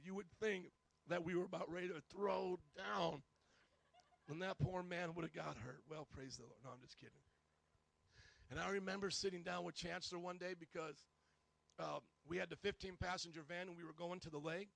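Animated high-voiced joking preacher man. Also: gravelly, no echo. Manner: animated, joking, self-mocking. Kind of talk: humorous storytelling sermon.

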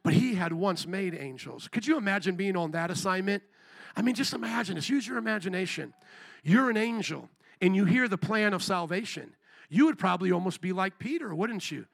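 A young man preaching a lively sermon, animated, acting out voices and shouting for emphasis. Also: sits high, a little fast, creaky, no echo. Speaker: pastor.

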